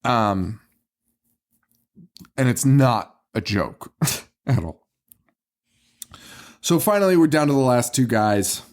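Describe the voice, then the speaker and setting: A man's voice: medium pitch, animated, slow, pauses often, a little mellow. A man co-hosting a podcast, casually recapping a movie with lots of laughter, swearing and mock quotes. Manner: laughing, profane, retelling scenes with mock quotes. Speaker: podcast co-host.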